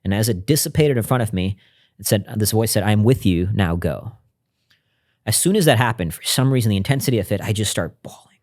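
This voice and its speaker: A man as a podcast guest, telling a personal story in an earnest, reflective way and often dropping to a hushed voice. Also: on the low side, lively intonation, fast. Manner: earnest and reflective, drops to a hushed voice when recounting intimate moments. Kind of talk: conversational interview storytelling.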